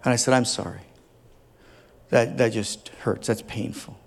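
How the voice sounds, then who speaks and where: A man's voice: medium pitch, steady tone, measured pace, vocal fry. A man preaching a sermon as a pastor, speaking earnestly and tenderly, building at times to fervent emphasis. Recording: long hall reverb.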